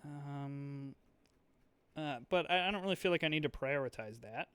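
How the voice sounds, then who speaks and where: Young guy talking through his board game turns, kinda high voice, lots of ums, dry close sound. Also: normal speed, fairly bright tone, clear, resonant tone, no room sound. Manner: chatty, rambling, full of fillers and restarts. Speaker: board game video host. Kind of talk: casual thinking-aloud play commentary.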